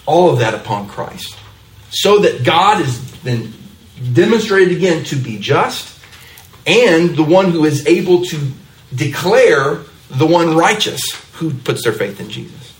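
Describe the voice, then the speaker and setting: Roomy-sounding male preacher, rather high voice. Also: very animated, distant mic. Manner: keeps checking in with "right?"; stretches key words slowly for emphasis. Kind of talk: sermon. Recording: roomy echo, speaker away from mic.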